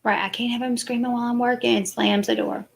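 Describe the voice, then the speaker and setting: A woman's voice: on the high side, little pitch movement, fairly quick, creaky. A woman, chatting casually and defensively to her live stream viewers. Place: parked car at night.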